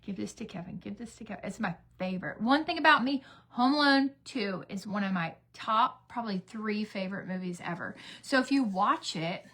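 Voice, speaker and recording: In her get-ready-with-me chat, this beauty vlogger, a middle-aged mother, tells a filler-laden story. Her mid-range, slightly bright voice is animated and fairly quick, with few pauses.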